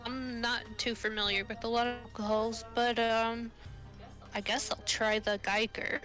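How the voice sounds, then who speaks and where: A woman playing a tabletop game, speaking softly and hesitantly. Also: on the high side, level tone, normal speed, faint music behind. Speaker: player. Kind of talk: casual in-character play.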